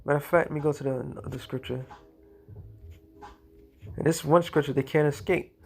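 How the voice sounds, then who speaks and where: Man, religious commentary monologue, combative, casual slang, slow scripture readings, slightly high voice. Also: fairly even intonation, vocal fry, breathy edge. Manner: combative, preachy, reads scripture aloud in slow cadence; casual slangy speech, repeats "all right" and "okay".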